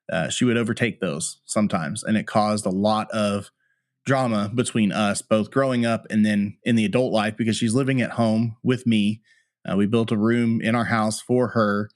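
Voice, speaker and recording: A man's voice: lowish voice, no echo, studio quality. A man who works as a firefighter and paramedic, candidly retelling a painful personal story as a podcast interview guest. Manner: candid, plainspoken, emotional retelling.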